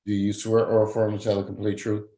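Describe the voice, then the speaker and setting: A man's voice: lowish voice, monotone, quick pace, dark tone, poor audio. A man presiding as a judge, formally reading out charges, fines and rights in a court hearing. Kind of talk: court proceedings over a video call.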